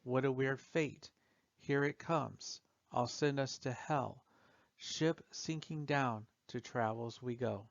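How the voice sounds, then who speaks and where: A man reading dark poetry aloud for an audiobook, in a slow, somber and measured way, trailing off softly at the ends of lines. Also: medium pitch, gravelly, no room sound. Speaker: audiobook narrator. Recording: dull, dry lo-fi recording.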